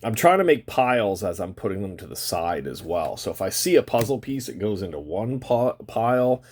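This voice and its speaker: This man hosts a card-opening channel and chats casually while opening trading cards, his fairly low voice swinging widely in pitch at a moderate pace. He rambles, swears now and then, and draws out the ends of his phrases.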